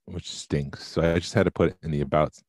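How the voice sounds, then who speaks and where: A man co-hosting a collectibles podcast in casual chat, tired and halting with many ums. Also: very deep voice, fairly even intonation, a little mellow, dry recording, studio quality. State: sleepy. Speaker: podcast co-host.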